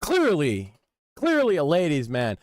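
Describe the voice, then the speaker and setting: A man's voice: a little high, huge pitch swings, a little slow, dry recording. A man hosting a casual commentary stream, reading forum posts with wry, offhand remarks. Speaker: stream host.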